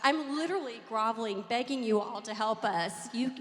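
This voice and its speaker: A woman's voice: on the high side, moderate pace. Earnest Kentucky woman in a reverberant hall. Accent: Kentucky Southern. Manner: earnest, pleading and upbeat. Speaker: panelist. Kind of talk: convention panel talk.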